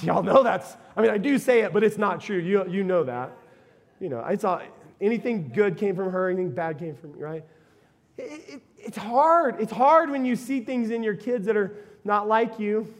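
A middle-aged man, preaching a sermon to his church in a folksy, storytelling way with animated asides. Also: sits high, moderate pace. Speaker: pastor. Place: church sanctuary.

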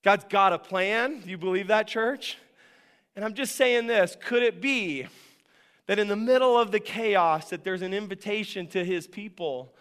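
High bright-voiced guy preaching in church, chatty, keeps quizzing the crowd. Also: normal speed, clean tone, in a large hall. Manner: conversational, animated, asks the congregation questions. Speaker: pastor. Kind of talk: sermon. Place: church sanctuary.

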